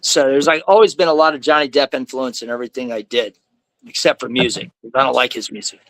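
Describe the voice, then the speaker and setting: A man speaking as a guest in casual conversation, telling stories in an animated way and acting out the people he quotes. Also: mid-range voice, quick pace, dry recording, poor audio. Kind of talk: casual storytelling.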